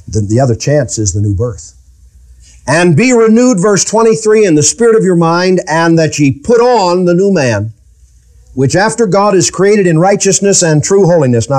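A pastor preaching a sermon, asking the congregation rhetorical questions. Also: male voice, on the high side, darkish tone.

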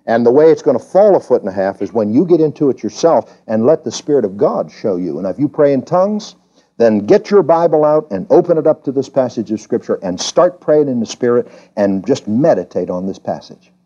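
During an evening service in church, a male pastor delivers a sermon in a mellow, dark voice, his pitch swinging widely and climbing high as he emphatically presses each point. He is very animated, speaks a little fast, and keeps putting questions to his congregation. The recording sounds dull and slightly lo-fi.

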